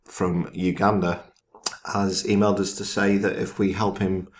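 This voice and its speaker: A man's voice: sits low, level tone, moderate pace. A man co-hosting a comedy podcast, delivering news in a mock-serious way. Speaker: podcast co-host. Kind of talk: casual comedy chat.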